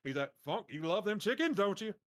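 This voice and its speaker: A man from Mississippi, telling a profane, animated story on a casual podcast. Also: high-pitched, fairly quick, dry recording, studio quality. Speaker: podcast co-host.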